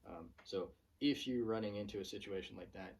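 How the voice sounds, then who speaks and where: A man hosting his own channel, talking casually to camera in a relaxed rant full of fillers and restarts. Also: fairly low pitch, brisk, far from the mic, slight background noise. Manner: chatty, many fillers and restarts. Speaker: channel host.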